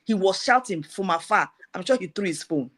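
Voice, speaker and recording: A middle-aged woman giving a personal testimony, retelling events in a lively way with repeated phrases. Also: medium pitch, a little fast.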